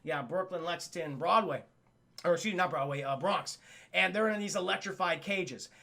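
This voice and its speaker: Guy streamer recapping a cartoon to chat, swears constantly, high bright voice with gravel in it. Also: moderate pace. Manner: excitable, swears a lot, addresses chat. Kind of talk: casual, profane episode recap.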